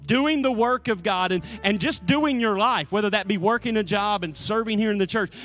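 A male pastor preaching a sermon in a church, earnest and repeating his key phrases, with soft instrumental music behind him. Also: high-pitched. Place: church sanctuary.

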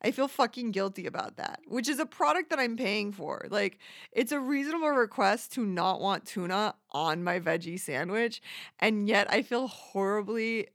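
A woman's voice: mid-range voice, animated, moderate pace, a bit bright, dry recording, clean studio sound. A woman ranting in a casual, profane, rambling way, self-deprecating and acting out other people's voices as she goes. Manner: acts out quoted voices. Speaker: monologuist. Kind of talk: casual rant.

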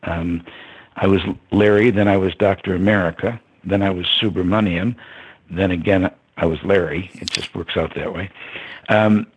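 An older man tells a long personal story to an interviewer. His voice sits low and slightly husky, and he muses aloud with ums and soft chuckles. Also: fairly even intonation, normal speed, rough recording. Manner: reflective, chuckling, with fillers. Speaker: interview guest.

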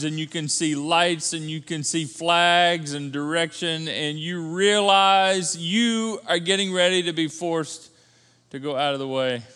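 Lively male pastor, bright high voice, casual storytelling delivery, long reverb of a church auditorium. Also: smooth. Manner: conversational and animated, swings from loud to hushed. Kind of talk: sermon.

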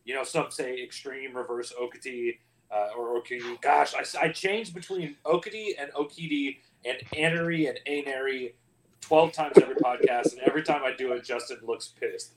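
A man's voice: medium pitch, fairly even intonation, moderate pace, low-quality recording. A man hosting a casual podcast round table, rambling and self-deprecating. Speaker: podcast host.

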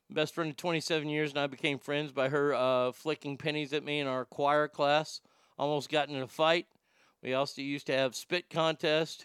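A man around forty, a podcast host, telling blunt, profane stories in a casual and animated way. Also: on the high side, clear, resonant tone, no room sound, studio quality. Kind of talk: casual storytelling chat.

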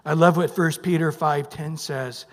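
A male pastor preaching a sermon, emphatic, swinging from loud bursts to hushed near-whispers and prompting the congregation with "what?". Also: on the high side, fairly even intonation, unhurried, big-room sound. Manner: emphatic, calls out "what?" for the congregation to fill in verses. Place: church sanctuary.

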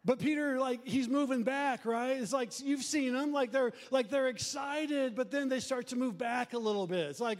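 A middle-aged male pastor preaching a conversational sermon, animated and acting out church members. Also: very high voice, normal speed, few pauses. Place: church sanctuary. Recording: long reverb of a church hall.

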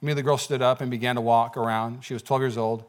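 A man's voice: medium pitch, steady tone, very fast. A man preaching a sermon as pastor in a church, talking conversationally with frequent "okay?" asides. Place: church sanctuary.

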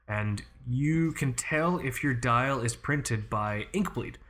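A man's voice: mid-range voice, slow pace, fairly bright tone. A man hosting a casual watch podcast, rambling and cursing, with a lot of "like" and "you know.". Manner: rambling and swearing, heavy use of "like" and "you know". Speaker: podcast host and Soviet watch expert.

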